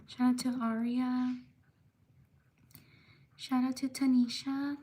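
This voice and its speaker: Unhurried, a woman hosting a livestream gives steady shout-outs to names from the chat, pausing between each and apologizing for mispronunciations. Her high, husky voice holds level with little pitch movement.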